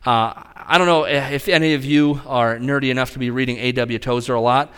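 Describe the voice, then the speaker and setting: A man preaching a conversational sermon as a pastor, talking straight to his congregation in an animated way. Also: medium pitch, a little fast, few pauses, clean tone.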